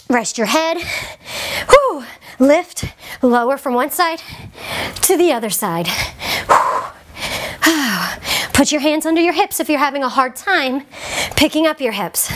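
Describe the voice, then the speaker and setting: A woman's voice: high-pitched, animated, a little slow, fairly bright tone, slight background noise. A woman fitness instructor coaching a workout while doing it herself, out of breath and encouraging, with short cues and puffs of breath between exercises.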